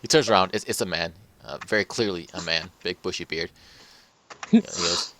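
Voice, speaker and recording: Low-voiced man running a tabletop game. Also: normal speed, bright, forceful tone, a little hiss or hum. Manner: rambling, filler-heavy, with many "you know"s. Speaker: game master.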